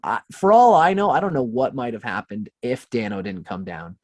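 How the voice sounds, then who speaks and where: A man telling a long story as a podcast guest, swearing freely and acting out what people said in lively voices. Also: medium pitch, normal speed, dry recording. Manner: profane, animated, acts out quoted voices. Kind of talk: casual storytelling.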